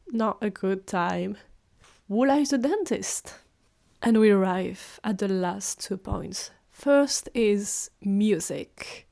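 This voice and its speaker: A woman in her twenties, a native French speaker, hosting a podcast and telling personal stories in a casual, animated way, acting out what she said. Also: medium pitch. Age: 20s. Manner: animated, acts out her own quoted lines. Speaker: podcast host. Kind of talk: casual storytelling monologue.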